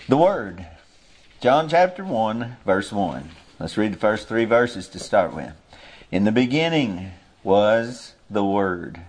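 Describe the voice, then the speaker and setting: A man preaching an informal sermon, earnestly searching for words with many restarts, and reading scripture slowly. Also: medium pitch, darkish tone, husky. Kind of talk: informal sermon, Bible teaching.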